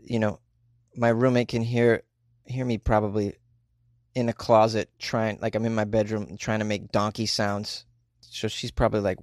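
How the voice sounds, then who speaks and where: A man's voice: on the low side, little pitch movement, normal speed, no room sound, clean studio sound. A man hosting a comedy news podcast, rambling and joking in a playfully exasperated way, recorded in a small bedroom closet. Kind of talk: casual comedic monologue.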